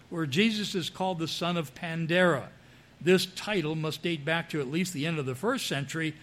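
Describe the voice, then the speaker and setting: A male preacher working through a passage of scripture in a sermon. His voice sits a little high for a man. He reads each verse aloud and then stops to explain it. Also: a bit bright.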